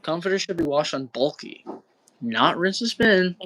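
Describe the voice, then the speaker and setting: A young co-host from Wisconsin chats loosely on a livestream in a fairly high, fairly bright, expressive voice at a moderate pace. He rambles, swears a lot, leans on slang, and says bro again and again.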